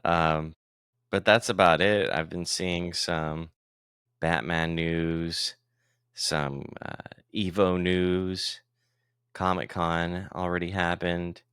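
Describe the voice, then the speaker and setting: A man's voice: sits low, little pitch movement, takes it slowly, a bit bright, clear, resonant tone, dry recording, clean studio sound. A man co-hosting a podcast in easygoing, jokey casual chat. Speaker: podcast co-host.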